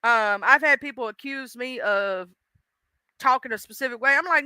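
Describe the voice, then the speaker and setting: Brief: high-voiced woman live-streamer, smooth tone, animated and chatty, curses freely. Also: normal speed, no echo. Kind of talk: casual live-stream chat.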